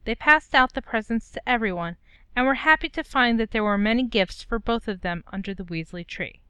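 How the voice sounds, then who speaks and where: A woman reading a story aloud in a steady, gentle way. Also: mid-range voice, smooth, dry recording. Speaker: story reader. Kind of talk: reading fan fiction aloud.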